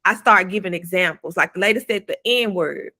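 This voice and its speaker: Bright-voiced, emphatic woman podcast host. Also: lowish voice, moderate pace. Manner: emphatic, blunt, swears freely. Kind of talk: casual advice talk.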